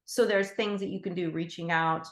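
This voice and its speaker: A woman teaching animal Reiki in a gentle, heartfelt way, with fillers and restarts. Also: lowish voice, steady tone, moderate pace, reverberant. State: emotional. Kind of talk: casual spoken teaching.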